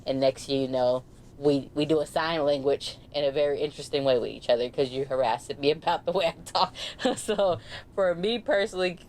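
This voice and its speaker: Woman, Bay Area accent, low voice, fast casual podcast chat, faint background noise. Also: darkish tone. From San Francisco Bay Area. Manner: fast-talking, laughs often, drops her R's. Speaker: podcast host.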